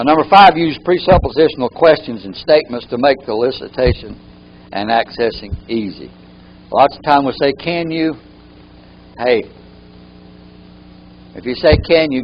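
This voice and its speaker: A man's voice: mid-range voice, muffled recording, a little hiss or hum. A man teaching a live training workshop, often repeating key phrases for emphasis.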